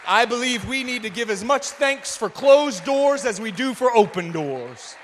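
Emphatic high-voiced male preacher. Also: expressive, unhurried, a faint crowd, a little hiss or hum. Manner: emphatic, often shouting. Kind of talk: sermon. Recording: reverberant hall.

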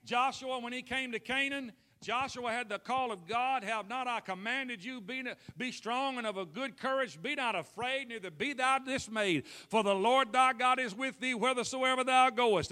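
A man preaching a lively sermon, calling out to the congregation and acting out scripture scenes. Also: very high-pitched, moderate pace, hardly any pauses. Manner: animated, calls for responses, acts out scenes.

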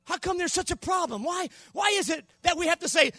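A male pastor with a strikingly high, bright and forceful voice, delivering a sermon with wildly lively pitch. He swings from shouted peaks to hushed low tones, and the recording is close and dry. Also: quick pace, dry recording.

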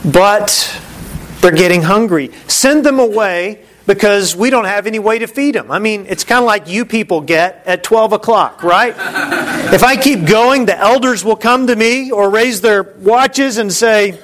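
A man's voice: high voice, unhurried, fairly bright tone. A middle-aged man, a pastor, preaching a conversational sermon and acting out the disciples' lines.

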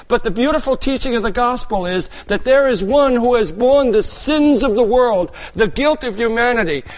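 A man preaching a sermon as a pastor, earnest, moving between raised passages and quiet, hushed ones. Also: very high-pitched, animated, moderate pace.

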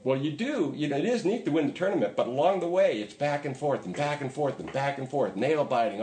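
A man's voice: fairly high pitch, lively intonation, fairly quick, hardly any pauses, darkish tone, roomy sound, a little hiss or hum. A man preaching a sermon in a conversational way, with emphatic repetition. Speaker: pastor.

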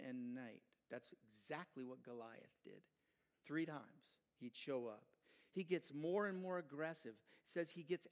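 A middle-aged male preacher telling a story in an animated, conversational sermon with asides to his listeners. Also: a little high.

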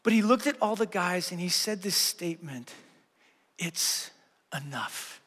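Earnest high-voiced male pastor preaching. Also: brisk, in a large hall. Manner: earnest storytelling, swings from loud to hushed. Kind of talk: sermon.

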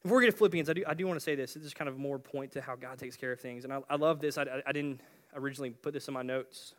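A man's voice: mid-range voice, racing, a bit bright. A young man preaching a casual youth sermon in a chatty way, with slang and frequent restarts.

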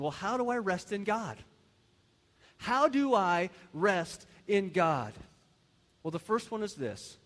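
A man with a high voice preaches a sermon that mixes jokes with questions thrown to the congregation. His voice rings with a long reverb in a church sanctuary. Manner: humorous, asks the congregation rhetorical questions. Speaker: pastor.

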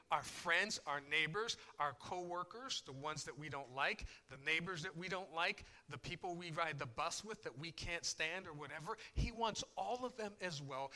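A man delivers a sermon in a relaxed, storytelling manner. His voice is very bright and sits slightly high, and it rises and falls sharply in loudness as he preaches. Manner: conversational, storytelling preacher, swings loud and soft. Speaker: pastor.

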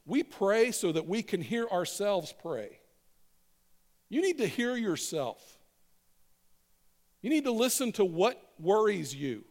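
A male pastor gives a conversational sermon, leading the congregation in call-and-response by repeating lines for them to echo. His high-pitched voice is sing-song and slow, with long pauses.

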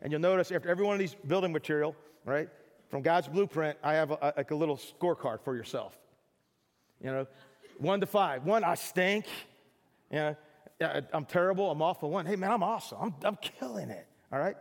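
In a brisk sermon, a pastor with a high voice chats casually with his congregation and plays out small daily moments for humor. The church hall gives his speech a long, ringing reverb.

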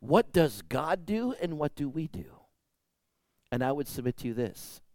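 A man's voice: medium pitch, mellow, dry recording. A man preaching a sermon in a conversational way, acting out voices when he tells a story. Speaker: pastor.

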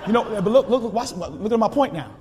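Man preaching, very high voice, fiery call-and-response, shouts then tells stories, long reverb of a church hall. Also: lively intonation, fast talker. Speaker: pastor. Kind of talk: sermon. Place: church sanctuary.

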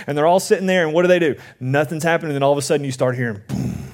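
A man preaching a sermon in a relaxed, conversational way, reading scripture and asking the congregation questions. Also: a little high, racing, hardly any pauses. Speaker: pastor. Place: church service.

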